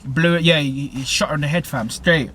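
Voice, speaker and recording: A man's voice: on the high side, fairly quick, fairly bright tone, a little hiss or hum. A man rambling through a film's plot in heavy slang, full of fillers. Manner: rambling, heavy slang, repeats "basically" and "innit". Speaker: movie reviewer. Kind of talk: casual film plot recap.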